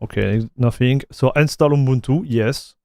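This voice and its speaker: A man's voice: medium pitch, normal speed, vocal fry, a little mellow, no echo, studio quality. A man with a French accent, chatting loosely on a live tech stream, with many fillers and repeated words. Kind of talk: casual livestream chat while installing software.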